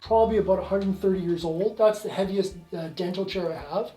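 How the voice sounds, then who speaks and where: A Canadian museum owner speaks in a high, mellow, slightly rough voice, a little fast, as he casually tells stories while touring guests through his collection. His talk rambles with many fillers and restarts, and the recording is rough.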